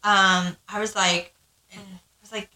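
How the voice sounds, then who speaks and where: Bright-voiced woman telling a blunt story. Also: mid-range voice, little pitch movement, unhurried, roomy sound, a little hiss or hum, rough recording. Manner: frank, swears freely, acts out quoted lines. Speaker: podcast co-host. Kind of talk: casual storytelling chat.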